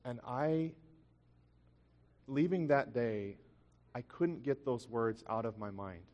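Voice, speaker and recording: A man's voice: medium pitch, takes it slowly, darkish tone, muffled recording. A man preaching a sermon, telling a personal story earnestly, with frequent restarts. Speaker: pastor. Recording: long hall reverb.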